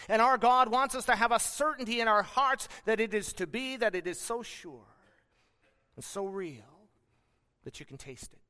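A man preaching a sermon as pastor, earnest and emphatic, with slow deliberate pauses. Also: sits high, bright, forceful tone, big-room sound.

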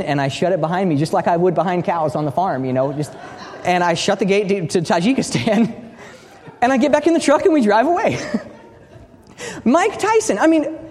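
A man from the United States giving a teaching talk in a large hall, a lively storyteller who often restarts and repeats his words. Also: sits high. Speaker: speaker at a training session. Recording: long reverb of a big hall.

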